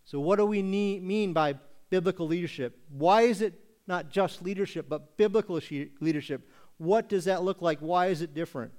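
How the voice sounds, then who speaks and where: A male pastor preaching a sermon with emphatic, deliberate rhetorical questions. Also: high-pitched, darkish tone.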